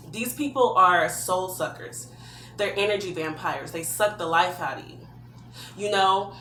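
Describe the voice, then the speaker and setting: Woman vlogger, earnest heartfelt advice, mid pitch, echoey room with a light hum. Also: bright, forceful tone. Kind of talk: personal advice vlog.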